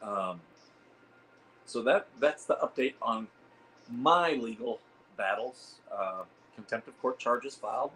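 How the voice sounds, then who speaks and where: A man with a Midwestern accent and a hoarse, worn voice, chatting casually on a home livestream in a rambling way. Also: mid-range voice, slow pace, sharp tone, a little hiss or hum, rough recording. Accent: Midwestern American. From Ohio. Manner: rambling, chuckling, restarts phrases. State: hoarse, losing voice. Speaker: livestream host.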